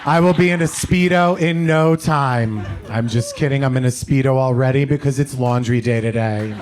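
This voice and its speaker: A man doing a stand-up set at a comedy club, delivering deadpan one-liners with quick self-corrections. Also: mid-range voice. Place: comedy club stage with audience laughter.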